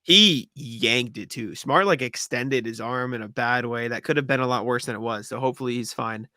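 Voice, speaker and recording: A man's voice: medium pitch, moderate pace, bright, forceful tone, dry recording, studio quality. A man co-hosting a casual sports podcast, talking loosely with fillers and frequent agreement. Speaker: podcast co-host.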